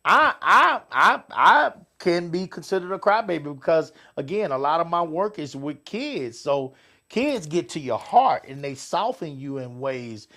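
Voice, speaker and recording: A middle-aged man co-hosting a casual show, swearing freely and swinging between loud outbursts and quiet asides. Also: fairly high pitch, sing-song, measured pace. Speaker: podcast co-host. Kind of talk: casual chat with listeners.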